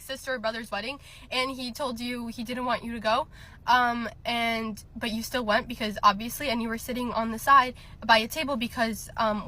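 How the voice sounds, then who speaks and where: Young woman, chatty storytime teller, laughs a lot, brightish higher voice. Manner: chatty, laughing often, many fillers. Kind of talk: casual storytime.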